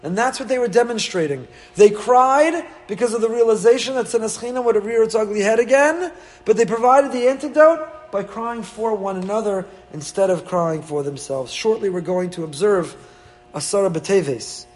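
A rabbi preaches a Torah sermon, pressing his points with rhetorical questions and lifting his voice when he feels strongly. His voice sits fairly high for a man. It has a husky, slightly breathy edge. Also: normal speed. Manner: emphatic, rhetorical questions, rising with feeling.

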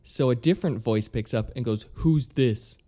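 A man's voice: medium pitch, brisk. A man in casual conversation, animatedly telling an exasperated story with lots of swearing and acted-out dialogue. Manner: animated, exasperated, swears a lot, acts out both sides of calls.

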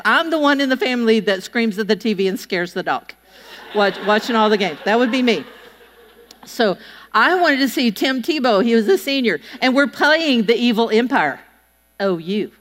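A woman's voice: on the high side, moderate pace. Storytelling woman preacher in a reverberant hall. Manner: chatty, animated storytelling with acted-out voices. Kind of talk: sermon with personal stories. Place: church hall.

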